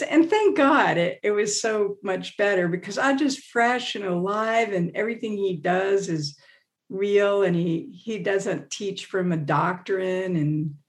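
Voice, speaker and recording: A woman guest on a podcast interview, telling a story in a casual, animated way, acting out quotes with laughs and fillers. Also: mid-range voice. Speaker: interview guest, meditation teacher.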